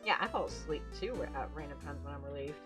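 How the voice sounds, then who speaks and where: A woman streaming a game playthrough, making casual, joking asides in a quieter voice than the characters she reads. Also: deep voice, fast. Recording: game music behind. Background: game music.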